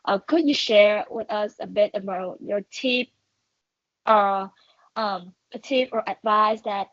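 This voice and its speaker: A woman's voice: mid-range voice, slow pace, a bit bright, no echo, dull audio. A woman co-host asking long interview questions hesitantly, with many fillers.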